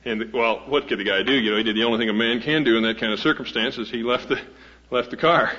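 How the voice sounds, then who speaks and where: A man's voice: mid-range voice, fast talker, pushed and bright. Folksy man introducing a speaker. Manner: folksy, rambling, many fillers and restarts. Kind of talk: speaker introduction with a humorous story. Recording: dull lo-fi old recording.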